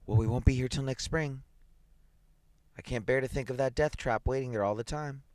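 A man's voice: medium pitch, moderate pace, darkish tone, no room sound, pitched above the performer's own voice, natural voice. A man voicing a frightened pleading wife. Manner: pleading, gasping, anxious.

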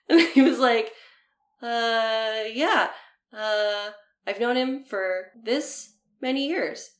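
A woman's voice: on the high side, takes it slowly, reverberant. A woman in her thirties, a comedian, telling stories in casual chat and acting out the quotes. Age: 30s. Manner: animated storyteller, acts out quotes.

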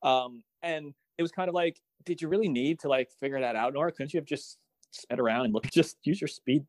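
A man's voice: on the high side, brisk, no echo. Wry young man, dry close mic. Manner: wry, incredulous, stammers on restarts. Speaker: podcast co-host. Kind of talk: casual chat.

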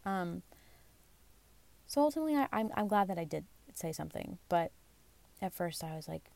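Candid young woman with gravelly low voice. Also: expressive, moderate pace, long pauses, a little mellow. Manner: candid, rambling, self-deprecating, lots of fillers. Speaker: vlogger. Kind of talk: casual confessional storytelling. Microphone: phone or basic mic.

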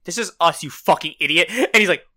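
A man's voice: high-pitched, a little hiss or hum. A young man co-hosting a casual podcast, telling stories with acted-out quotes. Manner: fast, animated storytelling with acted-out quotes. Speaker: podcast co-host. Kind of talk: casual chat.

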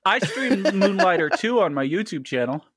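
Brief: higher-voiced man, lively ups and downs, laughing host on a home mic. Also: moderate pace. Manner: laughs often, swears, lively storytelling. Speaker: podcast co-host. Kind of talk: casual gaming podcast chat.

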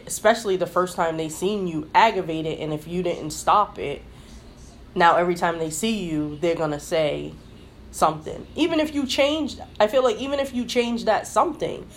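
A woman's voice: fairly low pitch, moderate pace, slight background noise. A woman hosting a casual podcast discussion, asking questions and arguing her points in a conversational way. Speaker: podcast host.

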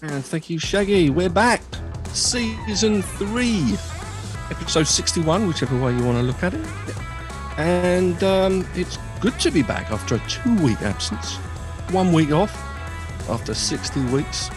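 A man's voice: high voice, expressive, measured pace, music in the background. Chatty, jokey male podcast host. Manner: chatty and jokey, rambling asides. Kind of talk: casual chat show.

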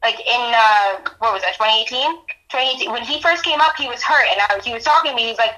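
A woman with a high, bright voice tells a rambling story in casual sports chat. She is animated and swears freely as she goes. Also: fast talker, low-quality recording. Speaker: podcast co-host.

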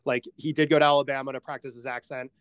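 A man co-hosting a laid-back movie podcast, with a smooth, resonant voice recorded close and dry. He talks in a relaxed, easygoing way, chuckling often and leaning on "like" as he goes. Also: medium pitch, quick pace, no echo. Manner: relaxed, chuckling, uses "like" a lot. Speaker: podcast co-host. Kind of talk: casual movie podcast chat.

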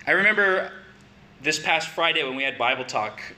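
A man's voice: fairly high pitch, animated, normal speed, sharp tone. A man preaching a conversational sermon, building to emphatic questions.

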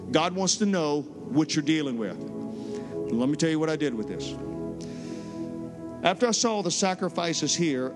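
A middle-aged male pastor delivers a sermon in a church sanctuary, his voice sitting a little high. He tells stories with animated emphasis. Music plays clearly under his words. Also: long reverb tail.

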